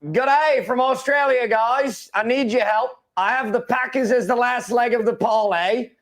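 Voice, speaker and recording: A man reading out a viewer's message in a put-on Australian voice, slow and drawn out. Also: very high-pitched, a bit bright, voice pushed up. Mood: chirpy. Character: chipper Australian male chat viewer.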